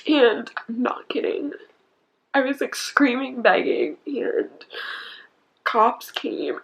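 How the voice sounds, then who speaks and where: A woman's voice: sits high, slow, gravelly, a bit bright, rough recording. A young woman in her twenties, telling a painful personal story on camera in a candid, emotional way, her voice often dropping to a near-whisper. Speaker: YouTuber.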